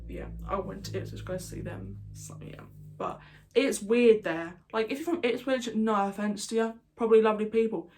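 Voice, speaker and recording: A woman's voice: medium pitch, lively intonation, normal speed, a little mellow. Casting: chatty British woman vlogger, jokey, wanders off on tangents. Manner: rambling, jokey, goes off on tangents. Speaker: YouTuber. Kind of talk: casual vlog chat.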